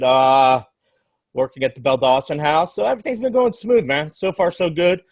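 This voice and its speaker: A middle-aged man from the United States, hosting a casual podcast chat in a relaxed, joking way. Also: high voice, moderate pace, dry recording. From mid-Atlantic United States. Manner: laid-back, jokey, says "man" and "dude". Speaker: podcast host.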